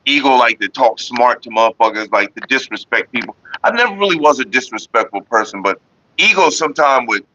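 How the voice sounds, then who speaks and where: A Northern California vlogger with a medium-pitched voice talks briskly on a dry recording that comes across dull and lo-fi. He answers viewers in a casual, meandering, profane style and talks about keeping his cool.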